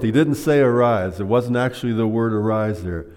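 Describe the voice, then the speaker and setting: A man's voice: mid-range voice, normal speed, darkish tone. A man preaching a sermon, teaching by asking the congregation questions. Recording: long hall reverb.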